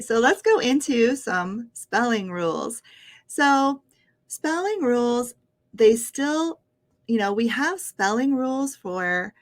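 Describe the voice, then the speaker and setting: A woman's voice: on the high side, a bit bright. A woman with an American accent teaching English pronunciation, patient and encouraging, often laughing lightly as she explains. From United States. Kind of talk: pronunciation lesson.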